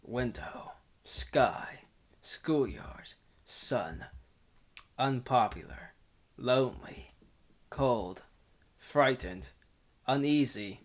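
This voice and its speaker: A man reading a visual novel aloud at an unhurried, drawn-out pace, breaking into laughter and side remarks. His voice sits in a middling range and the reading stays casual. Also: mid-range voice, animated. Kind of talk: casual game playthrough narration.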